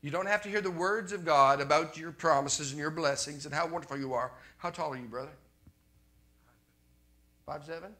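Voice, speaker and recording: Bright-voiced man preaching conversationally. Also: a little high, moderate pace, long pauses. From Canada. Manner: conversational, repeats refrains, checks in with the crowd. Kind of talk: sermon.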